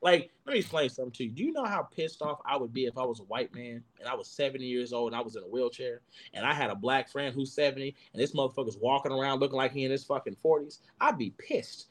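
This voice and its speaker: Animated, profane man riffing on a podcast. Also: mid-range voice, quick pace. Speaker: podcast panelist. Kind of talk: casual chat.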